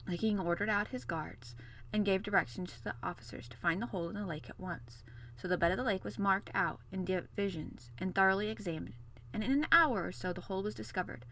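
A woman's voice: mid-range voice, fairly quick, fairly bright tone, slight background noise. A woman hosting a podcast, reading a classic novel chapter aloud. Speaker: podcast host and reader.

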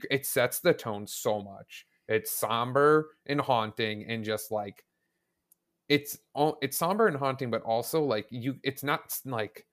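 A man guesting on a laid-back podcast chats about a video game, his medium-pitched, fairly bright voice moving a little slowly. He's enthusiastic and rambling, often restarting his sentences.

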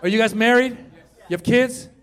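A man from Iran performing an animated stand-up comedy set on a club stage, shouting some punchlines. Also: extremely high pitch, normal speed, some chatter behind. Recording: live club recording with audience.

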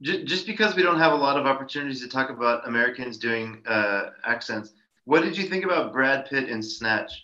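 Polite, questioning man, bright tense tone, muffled recording. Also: mid-range voice, animated, fairly quick. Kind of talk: casual podcast chat.

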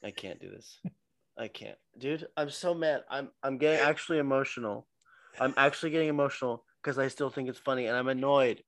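A man's voice: medium pitch, brisk, fairly bright tone, no room sound. A young man co-hosting a podcast, chatting casually and swinging between mock exasperation and helpless laughter. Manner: exasperated, giggly, dramatic. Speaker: podcast co-host.

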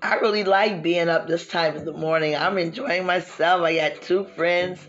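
A woman's voice: on the low side, moderate pace, dull audio, faint music behind. A woman hosting a casual chat show, telling stories with a laugh and talking straight to her listeners. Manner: lively storyteller, laughing, addresses listeners as y'all. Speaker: host.

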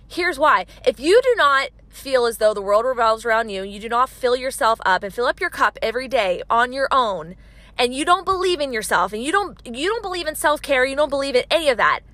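A woman's voice: high voice, sharp tone, dry recording. A woman in her thirties hosting a motivational monologue, passionate and emphatic, repeating her key points. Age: 30s. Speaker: podcast host.

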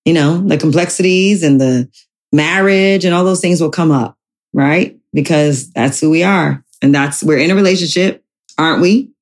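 A woman in her forties with a lowish voice, co-hosting a relaxed podcast. She talks in a loose, chatty way, teasing and laughing easily as the conversation wanders. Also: normal speed. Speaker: podcast co-host. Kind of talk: casual chat.

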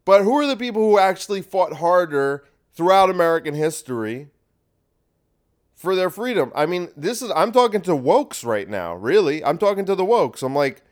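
A man's voice: fairly high pitch, big pitch swings, normal speed. A man hosting a podcast, talking in a rambling, crude and sarcastic monologue with frequent restarts. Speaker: podcast host. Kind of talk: casual monologue.

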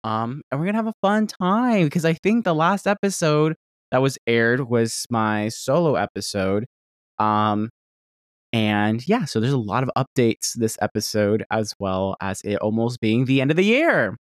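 A man with a Southern accent hosting a solo podcast, rambling and swearing, jumping between loud outbursts and muttered asides. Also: medium pitch, lively intonation, measured pace, no echo, studio quality. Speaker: podcast host. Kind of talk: casual solo podcast rant. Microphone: desk microphone held close.

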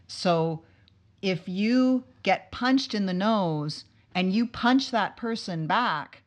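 A woman hosting a casual interview, speaking in a thoughtful, reflective way with quick bursts of speech. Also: medium pitch, lively intonation. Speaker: interviewer, host.

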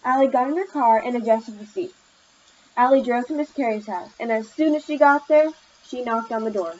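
A woman reads a story aloud in a plain, steady manner. Her voice sits a bit high. The recording sounds somewhat dull and lo-fi. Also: fairly quick, slight background noise. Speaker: narrator. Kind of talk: storybook narration. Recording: slightly muffled lo-fi recording.

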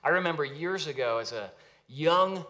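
A young man, a pastor, preaching a sermon with earnest, emphatic rises and pauses. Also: fairly high pitch, expressive, bright, forceful tone. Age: young adult.

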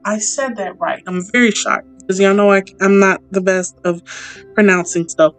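A woman hosting a casual devotional podcast, praying and reading aloud in a heartfelt, expressive way and talking straight to her listeners. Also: medium pitch, normal speed, faint music behind. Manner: heartfelt, expressive, prone to tearing up; folksy, talks straight to listeners. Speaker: podcast host.

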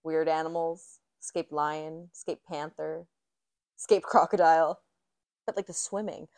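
A young woman co-hosting a podcast in casual chat, reacting quickly and swearing freely. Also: sits low, fairly even intonation, a little mellow. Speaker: podcast co-host.

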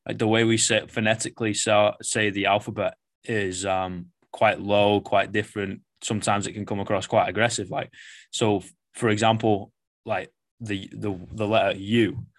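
Low-voiced Mancunian man, blunt and sweary. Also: little pitch movement, moderate pace. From Manchester, England. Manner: blunt, swears a lot, rambling with many fillers. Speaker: fitness coach, guest. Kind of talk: casual podcast conversation.

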